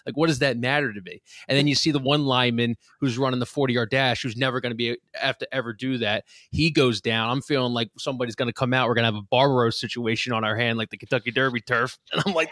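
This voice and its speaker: A man's voice: mid-range voice, fast talker, fairly bright tone, no room sound, clean studio sound. Joking Northeastern male host. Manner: joking, conversational. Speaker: podcast host. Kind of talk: casual podcast chat.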